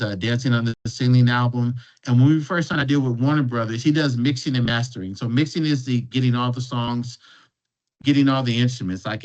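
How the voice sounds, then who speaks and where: A man of middle pitch tells stories as an invited guest, talking in a loose, conversational way. He often stumbles and restarts a phrase before going on. The recording sounds dull and lo-fi. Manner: restarts and repeats words while telling a story. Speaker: guest speaker. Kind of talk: conversational storytelling.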